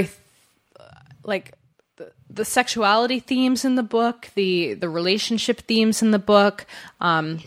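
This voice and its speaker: A woman's voice: mid-range voice, fairly bright tone, no echo, clean studio sound. A woman co-hosting a podcast, discussing a novel in a chatty, hesitant way with many fillers. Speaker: podcast co-host. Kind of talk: casual book discussion.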